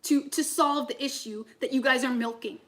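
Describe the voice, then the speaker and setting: A woman's voice: high voice, fairly even intonation, moderate pace, heavy background noise. A woman, a tarot reader, ranting to camera in a heated, profane, rambling way between readings.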